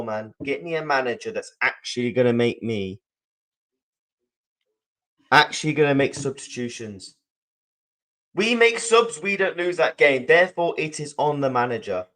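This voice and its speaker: A young man vents to his stream chat. He is furious and swears, repeating the same lines over and over. His talk is slow and drawn out, into a desk mic at home. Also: mid-range voice, animated, fairly bright tone, poor audio. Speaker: football fan channel host. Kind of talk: angry post-match reaction to live chat. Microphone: desk mic he is adjusting.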